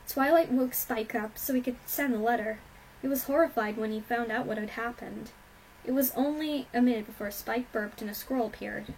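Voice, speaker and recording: A woman reading a fan-fiction story aloud, steady and plain, with the odd slip. Her voice sits a bit high, and faint noise hums behind her. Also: moderate pace, low-quality recording. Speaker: reader.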